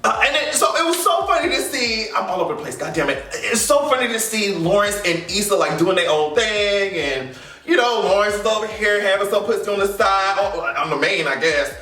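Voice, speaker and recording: A man casually ranting to camera about a TV finale, animated, profane and sassy. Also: high-pitched, fairly quick, echoey room, recorded from a distance, faint music behind. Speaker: vlogger reviewing a TV finale.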